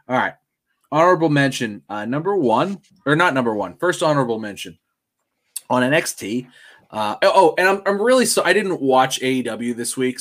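A man co-hosting a casual podcast chat. He rambles and restarts, piling on fillers as he gets excited. His voice sits at an ordinary middle pitch. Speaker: podcast co-host.

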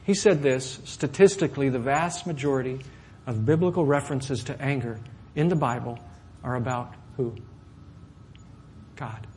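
A man preaching a sermon to a congregation, lively and often asking questions of his listeners. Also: medium pitch, moderate pace, long pauses, slight background noise. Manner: animated, asks the audience questions. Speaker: pastor.

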